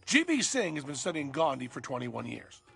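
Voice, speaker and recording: A man's voice: mid-range voice, big pitch swings, normal speed, vocal fry, a bit bright, breathy edge, faint music behind. A man hosting and narrating a comic documentary in a sarcastic, profane way. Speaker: host and narrator.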